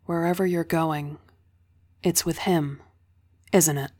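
A woman's voice: low voice, fairly even intonation, slow, darkish tone. A woman reading a young woman's earnest, tender friend voice. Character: young woman, heroine's loyal best friend.

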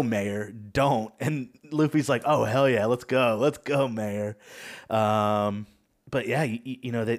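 A man hosting a casual podcast, recapping a chapter in an easygoing, measured way. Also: mid-range voice. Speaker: podcast host.

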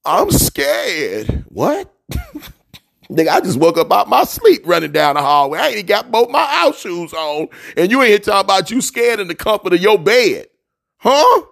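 Male motivational radio host, high and very lively delivery, fiery preacher rhythm, slangy, keeps calling listeners family. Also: brisk, gravelly, hardly any pauses. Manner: repeats key lines for emphasis.

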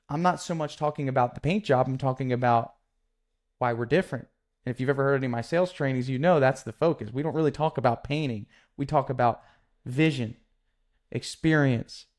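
A young adult man hosting a solo podcast, telling a sales story in a lively, casual way and acting out quick bits of dialogue. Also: medium pitch. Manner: animated, acts out customer dialogue in quick quotes. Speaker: podcast host, painting contractor.

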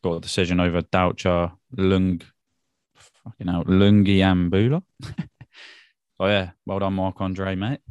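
A man with a very deep voice talks through a night of fights in a relaxed, laughing way, dropping "mate" here and there. The sound is dry and close. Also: measured pace, pauses often, clear, resonant tone, no echo, highs cut off. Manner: laid-back, laughs often, British slang like "mate". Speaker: podcast co-host. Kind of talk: casual MMA fight recap.

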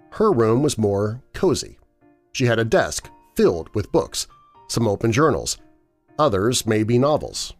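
A low-voiced man reads a first-person horror story in a measured, dramatic way. His pitch moves a lot, rising and falling with the tension. Faint music plays behind him. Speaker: narrator. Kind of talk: scripted horror story narration. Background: faint background music.

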